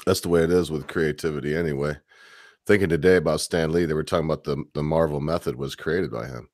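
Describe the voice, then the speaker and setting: A man's voice: very deep voice, steady tone, fast talker, darkish tone, no room sound, clean studio sound. A man chatting casually on a stream, telling crude jokes. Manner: crude joking storyteller. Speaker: co-host guest. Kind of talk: casual podcast chat.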